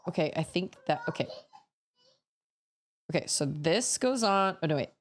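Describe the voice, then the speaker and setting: A woman's voice: deep voice, lively intonation, moderate pace. A woman in her thirties chatting casually as a streamer, laughing often and breaking into sudden exclamations. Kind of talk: casual chat while building.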